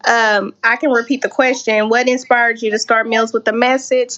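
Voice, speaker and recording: A woman's voice: on the high side, flat delivery, normal speed, a bit bright, lo-fi sound. A woman hosting a casual live-stream interview, chatty and encouraging, often restarting her sentences.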